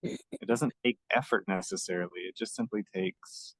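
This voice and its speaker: Low-voiced man explaining earnestly. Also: moderate pace, breathy edge, no echo, poor audio. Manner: earnest, gently explanatory, light laughs. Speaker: podcast co-host. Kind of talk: reflective casual conversation.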